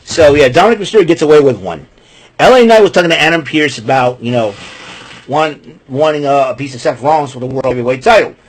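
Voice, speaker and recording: Casting: male wrestling-recap podcaster, husky voice pitched a bit high, rambling, heated, keeps clearing his throat. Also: lively intonation, fast talker, rough recording. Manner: rambling, repeats himself, fired up at villains.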